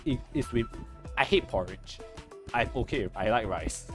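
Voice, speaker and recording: A young man chatting casually over gameplay, joking and correcting himself with many restarts. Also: fairly low pitch. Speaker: gaming streamer.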